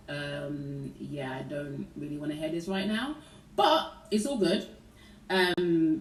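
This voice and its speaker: A woman's voice: sits low, darkish tone. A woman vlogger speaking casually to her livestream viewers about faith, chatty with frequent "um" fillers. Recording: roomy echo, distant from mic, faint noise.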